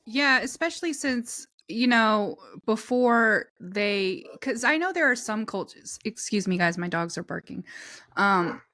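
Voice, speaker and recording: Bright-voiced woman podcast co-host at home. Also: mid-range voice, animated, a little slow. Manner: chatty, breaks off her own sentences. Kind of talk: casual podcast chat.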